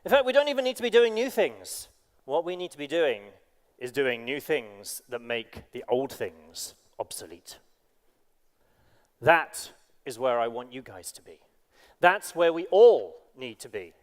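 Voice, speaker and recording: A man's voice: mid-range voice, expressive, a little slow. A man giving a motivational keynote speech in a large conference hall, speaking emphatically and firing rhetorical questions at the crowd.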